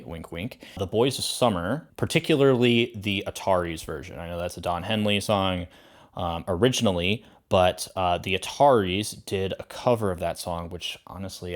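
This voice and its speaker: A man's voice: low voice, vocal fry. A man teaching a drum lesson in a casual, chatty way, counting beats aloud and voicing drum sounds. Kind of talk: casual instructional explanation.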